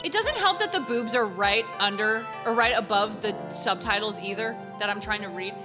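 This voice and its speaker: A young American woman chatting through a game stream, animated and giggly and full of "like". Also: medium pitch, normal speed. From United States. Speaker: gaming streamer. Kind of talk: casual gameplay commentary. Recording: game music in the background. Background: game music.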